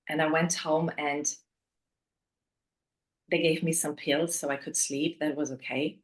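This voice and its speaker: A woman interviewed as a guest, candidly telling a painful personal story, often dropping to a hushed voice. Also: low voice, fairly even intonation, normal speed, poor audio.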